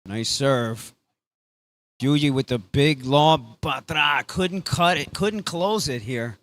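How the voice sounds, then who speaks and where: A man calling a beach tennis match live, casual and excitable, dropping Spanish phrases into his play-by-play. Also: mid-range voice, takes it slowly. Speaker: sports commentator.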